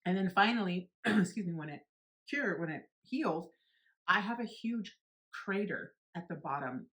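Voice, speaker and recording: This forties-aged beauty vlogger, with a fairly low, fairly bright and expressive voice, moves at a moderate pace. She relays a story from her life with unfiltered candor, peppering it with swearing and acting out others' words.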